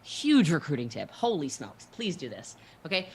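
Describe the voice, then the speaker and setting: A woman with a lowish voice gives motivational recruiting tips on a livestream. She talks briskly and emphatically and keeps checking in with her listeners. Her delivery is assertive and salesy. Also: big pitch swings, a little hiss or hum. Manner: brisk, emphatic, often asks okay?. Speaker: network marketing mentor on a livestream.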